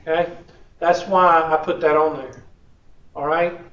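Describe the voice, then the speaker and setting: On the high side and a little bright, this man's voice carries a casual, jokey college lecture peppered with a drawling "y'all." Recorded from a distance in the classroom, it sounds echoey and dull.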